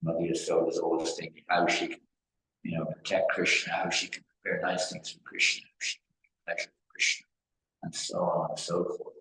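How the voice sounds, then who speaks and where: A man's voice: low-pitched, completely flat delivery, normal speed, vocal fry, sharp tone. A man from England giving a devotional talk as a spiritual teacher, rambling through stories and repeating phrases for emphasis. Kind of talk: devotional discourse. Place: temple hall. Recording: echoey hall with faint noise.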